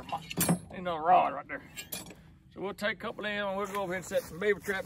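A man's voice: high voice, fairly even intonation, fairly quick, pauses often. A middle-aged man with a Mississippi Southern accent, rambling folksily to viewers while setting beaver traps outdoors on a farm. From southern United States. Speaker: trapper vlogger. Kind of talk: casual outdoor vlog. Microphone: phone on a tripod. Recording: noisy outdoor phone recording.

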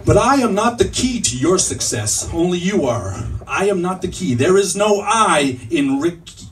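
A man on a comedy club stage plays a self-serious motivational speaker who keeps tripping over his own wordplay. His voice swings up and down and sits a little high. He is picked up from a distance, with faint room noise behind him. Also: sing-song, moderate pace. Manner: mock-earnest, stumbling over his own puns. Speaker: stand-up comedian.

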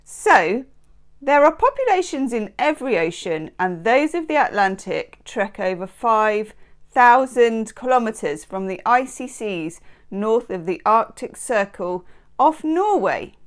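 A woman hosts a casual daily tarot reading, chatting playfully and making wry little asides about herself. Her voice sits a bit high and swoops around a lot, lively and sing-song as she reads and muses. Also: measured pace. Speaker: tarot reader and channel host. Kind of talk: reading aloud from an almanac.

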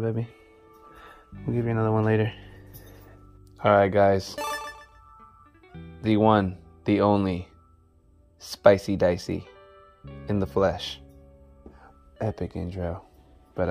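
Laid-back low-voiced man vlogging. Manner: laid-back, talks softly to his snakes. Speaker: snake keeper showing his collection. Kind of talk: casual vlog chat. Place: indoor snake room.

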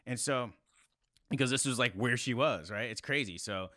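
A man in his thirties from South Carolina, a podcast guest telling a story in a casual, animated way, swearing freely. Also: moderate pace, dry recording, studio quality. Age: 30s. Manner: animated, swears a lot, rising to high exclaims.

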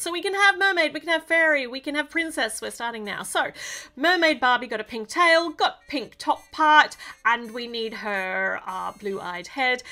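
A woman's voice: sits high, sharp tone. A woman chatting playfully and mocking herself as she builds LEGO toys for her vlog. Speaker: LEGO hobby vlogger. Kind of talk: casual crafting vlog.

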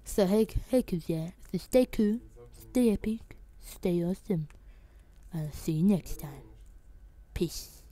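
A young man voicing a small alien toy figure, giving a low, hushed sign-off. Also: lively intonation, slow.

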